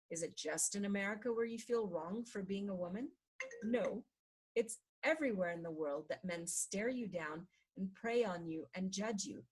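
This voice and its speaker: A woman reading a book aloud in a measured way, slowing down on repeated chant-like refrains. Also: mid-range voice, breathy edge, low-quality recording. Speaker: reader of a book.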